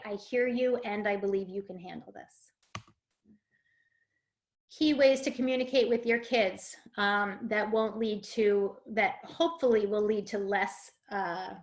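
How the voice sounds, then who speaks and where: A woman presenting a parenting webinar, explaining things with fillers and acting out example phrases. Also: medium pitch. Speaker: parent coach.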